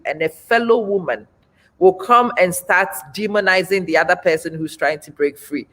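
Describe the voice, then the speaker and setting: A woman's voice: fairly low pitch, a bit bright. A woman in her forties hosting a live stream, speaking bluntly and emphatically, repeating her points for effect. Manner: blunt, frank. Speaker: host. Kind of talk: live-stream talk, reading viewer comments.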